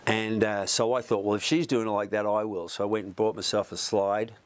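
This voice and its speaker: Chatty man, low voice. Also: steady tone, brisk, a little hiss or hum. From Australia. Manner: rambling, chatty, many restarts. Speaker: musician guest. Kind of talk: storytelling in an interview. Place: music studio.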